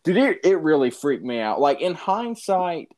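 A man telling a funny personal story in casual chat, animated and often laughing, calling the listener dude. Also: a little high, moderate pace.

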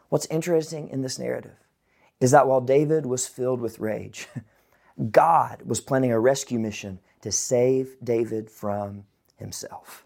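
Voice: medium pitch, a little slow, gravelly, a little mellow. A Bible teacher giving a casual, conversational online lesson, with chatty asides to the viewers.

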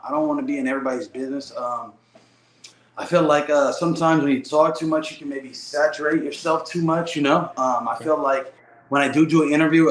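A man's voice: fairly high pitch, a bit bright, reverberant, low-quality recording. A man guest on an interview podcast, talking in a laid-back, reflective way, often adding "you know". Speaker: guest, professional fighter. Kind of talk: casual interview talk.

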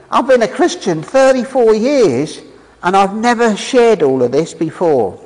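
Man preaching, excited, slow deliberate delivery, lively high voice. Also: in a large hall, low-quality recording. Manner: animated, enthusiastic, reads scripture aloud with pauses. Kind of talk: sermon.

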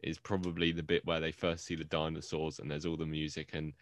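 A young man hosting a casual podcast chat, enthusiastic and quick to laugh. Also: extremely low pitch, completely flat delivery, no room sound, studio quality. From England. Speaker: podcast host.

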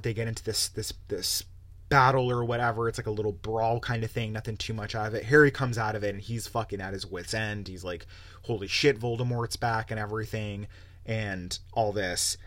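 A man's voice: fairly low pitch, fairly bright tone, no room sound. A young man hosting a podcast, ranting casually and animatedly, with lots of swearing and rambling asides. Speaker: podcast host. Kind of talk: casual solo podcast rant.

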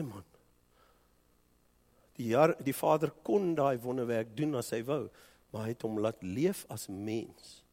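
South African pastor preaching in a hall. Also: male voice. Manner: dramatic swings from loud urging to hushed lows. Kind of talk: bilingual sermon.

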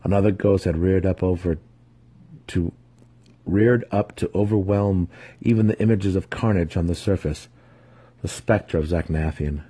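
A man narrates a fantasy novel as a dramatic reading. His voice sits low and dark, with a husky, slightly rough grain. He keeps a steady, measured storytelling pace. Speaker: audiobook reader.

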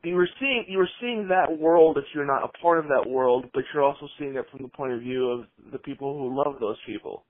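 A man's voice: medium pitch, a little fast, few pauses, no echo. A man co-hosting a casual podcast who chimes in agreeably and often answers yeah. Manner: agreeable, chiming in with frequent yeahs. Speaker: co-host. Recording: phone-like line.

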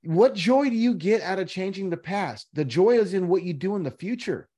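A man's voice: high voice, lively intonation, moderate pace, dark tone, husky. Emphatic man giving life advice. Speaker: podcast co-host. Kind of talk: casual chat.

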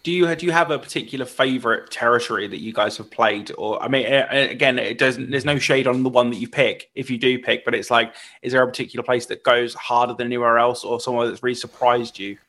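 A man's voice: mid-range voice, fairly even intonation, fast, hardly any pauses, pushed and bright. An English man hosting a podcast, chatting animatedly with his guest and swearing casually. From England. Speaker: podcast host. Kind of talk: casual interview chat.

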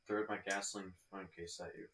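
A man's voice: sits low, flat delivery, fast, bright, forceful tone. A young man co-hosting a podcast, teasing his friends with offbeat jokes in casual chat. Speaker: podcast co-host.

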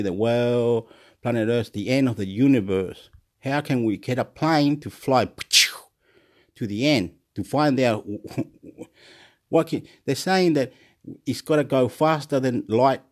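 A man's voice: mid-range voice, a little slow, a little mellow. A man rambles through a stream-of-consciousness vlog. He repeats his words and leaps between topics. Laughter keeps slipping into his talk. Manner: rambling, repetitive, laughs often. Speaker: YouTuber.

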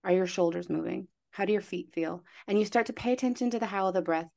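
A young adult woman, a wellness coach, talking casually on a podcast, animated and full of fillers, acting out little inner voices. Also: medium pitch, fast, creaky.

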